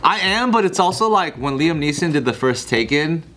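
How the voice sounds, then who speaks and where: Male co-host, opinionated joker, slightly high voice, group chatter behind. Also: expressive, moderate pace. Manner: opinionated, joking. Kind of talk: casual podcast chat.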